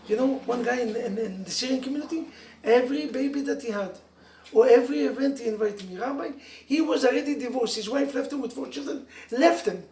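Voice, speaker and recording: Animated rabbi preaching in an echoey room. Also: male voice, extremely high pitch, fairly quick. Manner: animated storytelling with laughs and sudden loud emphasis. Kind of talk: sermon to a live audience. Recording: echoey room, mic from far off.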